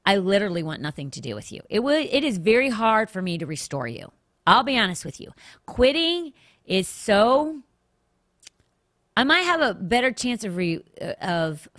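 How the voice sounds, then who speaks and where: A woman's voice: mid-range voice, fairly bright tone, no echo, clean studio sound. A woman hosting a faith podcast, teaching a Bible passage in an earnest, conversational way with asides and restarts. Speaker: podcast host.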